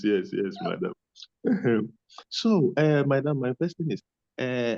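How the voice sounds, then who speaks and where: A man's voice: sits low, darkish tone, dry recording, lo-fi sound. A man calling in to an online meeting, asking a polite, rambling question full of fillers.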